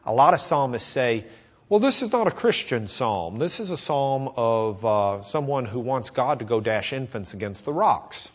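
A man's voice: medium pitch, expressive, normal speed. A man teaching on a psalm, reading verses with rising force and joking between them in a loose, unscripted way. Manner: reads scripture with rising intensity, jokes and laughs between verses. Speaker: Bible teacher. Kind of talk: sermon with scripture reading.

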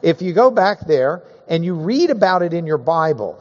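Folksy high-voiced man teaching. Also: sing-song. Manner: folksy and joking, drawn-out emphasis on key words. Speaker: Bible class teacher. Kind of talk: conversational Bible teaching. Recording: dull, echoey hall recording.

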